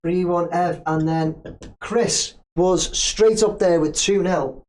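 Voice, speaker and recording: A man's voice: high voice, slow pace, a little mellow. A man hosting a casual live stream, chatting loosely, reading viewer comments aloud and laughing easily. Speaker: livestream host.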